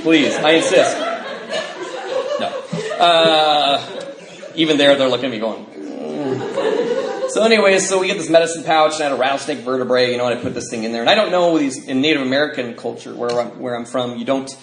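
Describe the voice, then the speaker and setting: A man's voice: mid-range voice, fast talker, a bit bright. A middle-aged man from the Pacific Northwest, telling his recovery story to a live audience in a joking, self-mocking way with many fillers. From Bellingham, Washington. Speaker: recovery speaker. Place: convention hall before an audience. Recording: roomy hall, noisy live recording.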